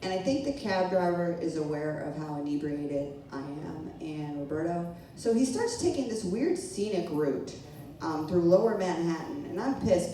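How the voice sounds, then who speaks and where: A woman tells a rowdy personal story on stage, loose and chatty, with a laugh never far away. Her voice sits low and mellow. The sound comes from a distant mic in a very echoey room. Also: slight background noise. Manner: casual, chatty, laughing and swearing often. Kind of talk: live storytelling to an audience. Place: small event room with a live audience.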